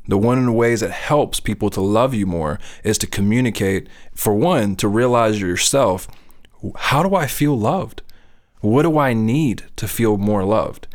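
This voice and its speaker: Earnest middle-aged man talking faith. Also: medium pitch. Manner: earnest, conversational, often asks "you know what I'm saying?". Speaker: speaker on faith. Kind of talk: casual faith talk.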